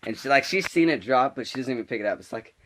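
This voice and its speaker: A teenage boy telling a story in a casual vlog, rambling and animated, full of restarts and filler words. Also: mid-range voice, fast, a little hiss or hum. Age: teens. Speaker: vlogger.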